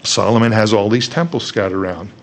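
A man's voice: fairly low pitch, fast talker. Storytelling male preacher. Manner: storytelling, conversational, rhetorical questions. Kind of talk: sermon.

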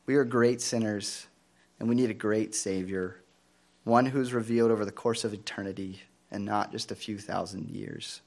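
A man preaching a sermon in an earnest, measured way, asking the congregation rhetorical questions. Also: fairly low pitch, fairly even intonation.

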